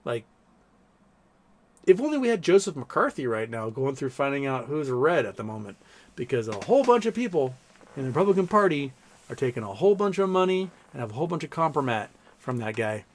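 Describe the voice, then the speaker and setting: A man's voice: mid-range voice, very animated, fairly quick, slight background noise. A man hosting a casual livestream from home, rambling about markets and reading viewer comments aloud with some swearing. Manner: baby-talk coaxing to his pets. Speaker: livestream host.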